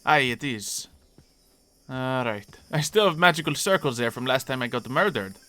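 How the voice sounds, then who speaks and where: A man's voice: medium pitch, animated, a little fast, sharp tone. A man streaming a game live, chatting casually and answering viewers as he plays. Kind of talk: casual live-stream chat while gaming.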